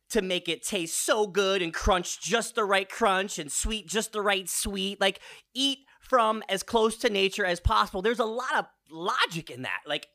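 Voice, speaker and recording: A man's voice: high-pitched, pushed and bright. A man in his late thirties with a runny nose, giving a casual fitness vlog, swearing now and then and firing rhetorical questions at his viewers. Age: 30s. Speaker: fitness vlogger.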